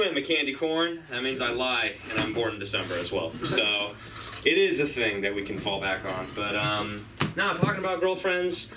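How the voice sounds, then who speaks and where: A man in his thirties doing a stand-up set at an open mic, telling stories in a wry, deadpan way. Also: medium pitch. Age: 30s. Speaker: stand-up comedian. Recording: distant room mic with faint hum.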